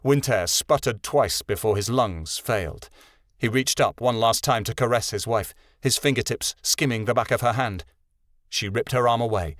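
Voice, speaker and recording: A man narrates a fantasy audiobook in a measured, dramatic way. His mid-pitched voice has a fairly bright tone, and the recording is dry and close with no echo.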